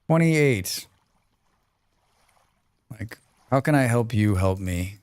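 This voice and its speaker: A man's voice: lowish voice, animated, takes it slowly, long pauses, darkish tone, clear, resonant tone, dry recording. A man streaming a survival game live, talking to himself in a casual, joking, grumbling way as he plays. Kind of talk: casual live gameplay commentary.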